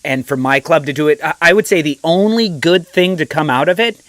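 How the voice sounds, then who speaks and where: An American man in his forties, a podcast guest telling animated stories and laughing often. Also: a little high, a little fast, no room sound. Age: 40s. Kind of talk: casual podcast chat.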